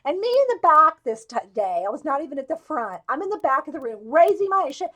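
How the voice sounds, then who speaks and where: A woman's voice: high voice, sing-song, fast talker, a bit bright. A woman, hosting a casual live chat and telling rambling, digressive stories with lots of laughter. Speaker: live stream host.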